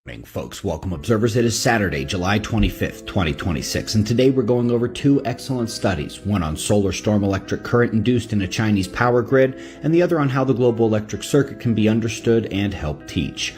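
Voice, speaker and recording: A man hosting a calm, scripted science news report. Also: on the low side, a little fast, hardly any pauses. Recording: music bed behind.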